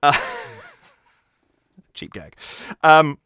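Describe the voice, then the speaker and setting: A man's voice: drawn-out words, bright, forceful tone, no room sound, clean studio sound. A man hosting his own channel, talking casually and enthusiastically, with plenty of restarts as he breaks down a lyric. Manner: enthusiastic, analytical, with frequent restarts. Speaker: channel host reacting to a song. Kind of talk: casual talk about musical theatre.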